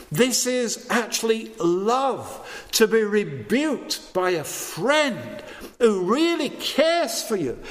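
A man preaching a sermon, blunt and earnest, acting out the voices he quotes. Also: sits high.

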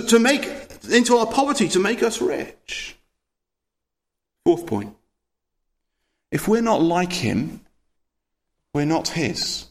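High-voiced earnest preacher. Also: male voice, a bit bright. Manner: earnest, emphatic, with rhetorical questions and repeated words. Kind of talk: sermon.

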